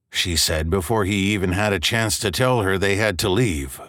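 A man with a fairly low voice narrates a novel in a measured, steady way. The sound is dry and close, with no trace of the room. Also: dry recording. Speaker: audiobook narrator. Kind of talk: scripted narration.

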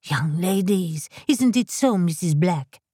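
A woman's voice: on the low side, expressive, takes it slowly, dark tone, breathy edge, no room sound, studio quality, exaggerated voice. A woman voicing a stern older dressmaker who scolds a young lady. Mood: scolding. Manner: snappish, scolding.

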